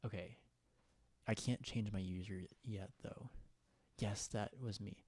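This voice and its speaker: A young man chats on a casual livestream in a low, mellow voice. He rambles and giggles as he reads viewer comments. The sound is close and dry, with no room around it. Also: steady tone, measured pace, no echo. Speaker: livestream host.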